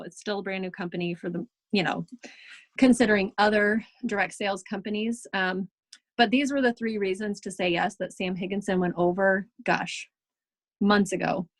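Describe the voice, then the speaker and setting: A woman's voice: mid-range voice, moderate pace, dry recording. A woman leading a team in a casual, chatty training talk over a video call, full of ums and reassurance. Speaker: team leader in direct sales.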